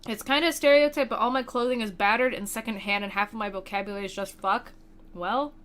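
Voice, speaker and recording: A woman's voice: medium pitch, quick pace. A young woman streamer giving sarcastic, swear-laden casual commentary on a game, saying "like" a lot, into a desk microphone. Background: loud game music.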